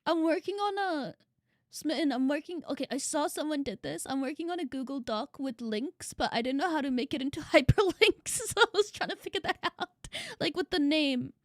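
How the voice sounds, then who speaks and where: A woman's voice: sits high, expressive, fairly quick, dry recording, studio quality. A young woman streaming live, chatting casually with her viewers, effusive and grateful, swearing freely. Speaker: VTuber streamer.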